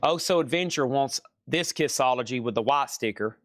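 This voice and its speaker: A man's voice: medium pitch, normal speed, a bit bright, no echo, clean studio sound. A man with a Southern US accent hosting a live sales stream, chatty and repeating prices and buyer names.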